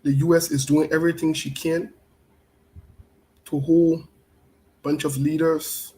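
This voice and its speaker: A man's voice: on the high side, level tone, unhurried, mellow, poor audio. A man hosting a casual live stream, repeating himself often and greeting viewers by name. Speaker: show host.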